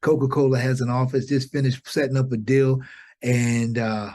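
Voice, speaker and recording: At a moderate pace, a man in his fifties recounts an inspirational story as a podcast guest. The style is lively and sermon-like, and his voice repeatedly jumps higher whenever he exclaims something.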